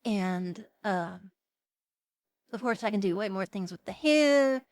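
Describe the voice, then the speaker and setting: A young woman hosting a live stream, chatting casually with viewers, giggling often and filling pauses with "um" and "uh.". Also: medium pitch, animated, darkish tone. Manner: chatty, giggly, lots of fillers. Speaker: VTuber streamer host.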